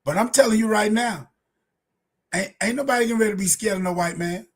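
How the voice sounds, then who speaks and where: Male ministry host, slightly high husky voice, impassioned and repetitive. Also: fast talker. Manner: fiery, preacherly, laughs often, repeats lines for emphasis. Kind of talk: impassioned livestream commentary.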